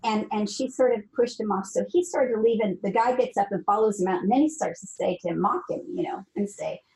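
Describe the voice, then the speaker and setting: A woman author speaks as a podcast guest, earnest and emphatic. Her voice is mellow and warm, and she repeats phrases as she builds a point. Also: medium pitch, a little fast, poor audio. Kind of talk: conversational storytelling.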